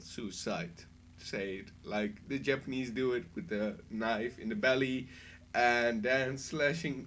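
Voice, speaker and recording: A man giving a casual spoken review, rambling and excitable, often laughing between his thoughts. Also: medium pitch, slight background noise. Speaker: anime reviewer.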